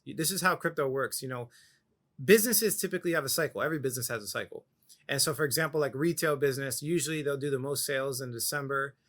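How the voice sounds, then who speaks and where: A man's voice: high voice, pushed and bright. A young man hosting a crypto channel, talking straight to the camera in an urgent, emphatic way, repeating his points for stress. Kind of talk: direct-to-camera pitch.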